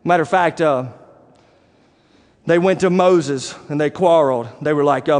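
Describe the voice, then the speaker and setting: High-voiced preacher in a reverberant hall. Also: male voice, normal speed, pauses often. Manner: animated, acts out quoted voices, rising to shouts. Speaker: pastor. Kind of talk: sermon.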